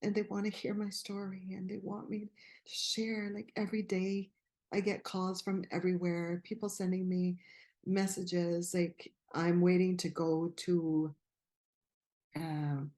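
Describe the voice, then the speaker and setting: A woman from Canada, a guest speaking earnestly and fervently about her own journey, with some halting restarts. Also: fairly low pitch, little pitch movement, warm tone. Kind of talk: personal testimony in interview.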